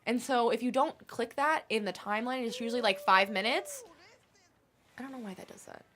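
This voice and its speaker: A woman's voice: fairly high pitch, big pitch swings, a little fast, fairly bright tone. Chatty woman streamer, stuffy nose. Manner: chatty, reading and answering chat. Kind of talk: casual chat while gaming.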